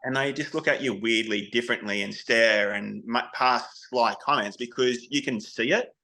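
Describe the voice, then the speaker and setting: An Australian man talks candidly as a guest on an interview, his voice bright and forceful, with a middling pitch. He tells his stories in a frank, loose way and often restarts his sentences as he goes. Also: moderate pace, gravelly, poor audio. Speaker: podcast guest, army veteran. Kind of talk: casual interview storytelling.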